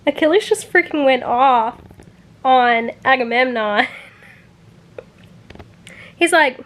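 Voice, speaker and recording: A woman's voice: sits high, takes it slowly, pauses often. A woman talking casually in a reading-reaction vlog, full of "like" and openly emotional about the book, swearing when upset. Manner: chatty, says "like" a lot. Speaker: book vlogger.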